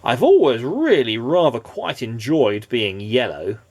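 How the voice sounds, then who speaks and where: A man voicing a small, cheerful male storybook character, speaking in a bright, eager, exclaiming way. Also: mid-range voice, big pitch swings, unhurried.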